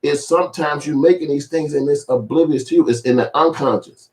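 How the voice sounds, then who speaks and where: Brisk and with few pauses, this man speaks on the high side in a slightly mellow tone. He's a vlogger giving casual, profane, rambling takes on a celebrity feud, imitating other people's voices, and the recording echoes roomily.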